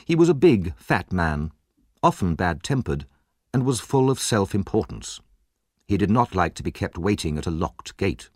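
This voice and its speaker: A man narrating a classic story in a measured, expressive reading voice. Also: low-pitched, dry recording, studio quality.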